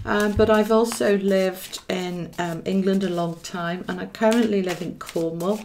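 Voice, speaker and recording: A woman's voice: mid-range voice, steady tone, measured pace, a little mellow, a little hiss or hum. Affectionate Welsh woman reading tarot. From Wales. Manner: affectionate, calls viewers darling and my lovely; chatty, thinks aloud while drawing cards. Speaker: tarot card reader. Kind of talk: live-streamed tarot reading.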